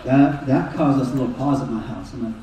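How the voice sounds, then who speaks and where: A man preaching a sermon in a lively, animated way. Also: medium pitch, fairly quick. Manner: animated preaching, voices Jesus and Peter in quotes. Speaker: pastor. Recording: echoey hall, mic far off.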